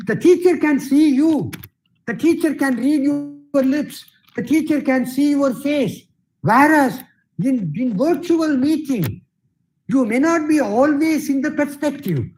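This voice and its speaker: A man's voice: extremely high pitch, a little mellow, low-quality recording. A middle-aged man giving a workshop lecture on voice training, repeating his phrases and often saying "you see". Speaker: guest speaker, theatre director and English professor.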